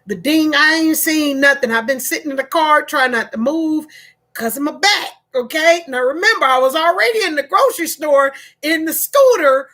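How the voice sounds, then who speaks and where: A woman tells a story live to her online viewers, animated and chatty. She repeats her phrases and keeps checking in with them. Her voice sits a bit high. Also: moderate pace.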